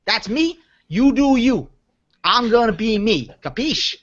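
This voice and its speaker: A man's voice: very high voice, sing-song, measured pace, fairly bright tone, voice pushed up, heavily acted. A man with a Long Island accent voicing a brash, hot-tempered male mobster who rambles and boasts in tough-guy patter. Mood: swaggering. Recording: dull lo-fi podcast audio.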